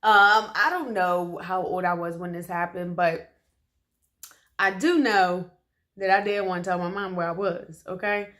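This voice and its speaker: Speaking a little slowly in a lowish, slightly bright voice with a steady tone, this Philadelphia storytime vlogger talks casually to the camera. She's emphatic and full of slang, dropping frequent "okay?" asides to her audience.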